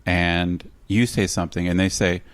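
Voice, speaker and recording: Low-voiced man telling a lively story. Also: moderate pace, no echo. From United States. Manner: animated storyteller, imitates others' voices. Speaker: podcast co-host. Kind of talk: casual conversational podcast chat.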